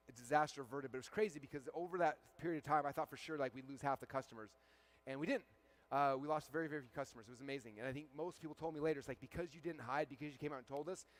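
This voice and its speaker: A man giving a live keynote on stage to an event audience, telling a story and acting out the dialogue. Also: fairly high pitch. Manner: energetic storyteller, acts out quoted dialogue. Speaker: keynote speaker.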